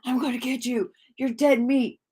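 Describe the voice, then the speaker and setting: A loud, menacing movie boxer , impersonated by a woman, barking threats. The voice sits noticeably higher than her usual register and comes out shouted and aggressive. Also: fairly even intonation, normal speed, breathy edge. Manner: yelling threats.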